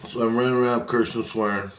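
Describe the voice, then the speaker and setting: A man's voice: medium pitch, steady tone, fast talker, background noise. Agitated, profane man in an echoey room. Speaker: vlogger. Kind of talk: rambling spiritual monologue.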